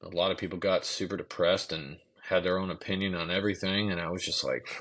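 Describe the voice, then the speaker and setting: A man's voice: deep voice, fairly even intonation, fast, fairly bright tone. A man in a podcast talk, telling a personal story in a loose, casual way, acting out what people said and swearing now and then. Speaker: podcast guest.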